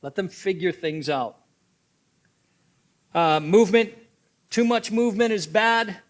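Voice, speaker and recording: A man's voice: high voice, unhurried. A man leading a church drama workshop, giving instruction and repeating key points, often checking in with "okay?". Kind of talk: teaching seminar.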